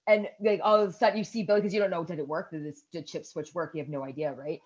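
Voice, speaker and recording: Thirtysomething woman podcaster gushing over a movie, loud shrieks, kinda muffled sound. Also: lowish voice, fast talker. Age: 30s. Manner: animated storytelling with loud shrieks and swearing. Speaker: podcast co-host. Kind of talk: casual chat recapping a movie.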